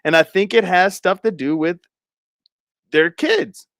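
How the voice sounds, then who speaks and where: A man's voice: high voice, animated, measured pace, creaky, a bit bright, dry recording, clean studio sound. A man giving casual, rambling commentary to his viewers, laughing often and speculating. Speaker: commentary streamer.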